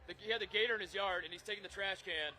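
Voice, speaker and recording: A man from the northern United States speaks in a high-pitched, racing voice over slight background noise. Co-hosting a casual chat in a crowded bar, he tells stories animatedly and laughs often.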